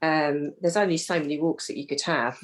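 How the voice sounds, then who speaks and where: A woman's voice: low voice, steady tone, a little fast, slight background noise. A woman with an English accent, a parent carer, talks candidly about home life in a support group, restarting her sentences as she goes. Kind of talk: casual sharing in a group call.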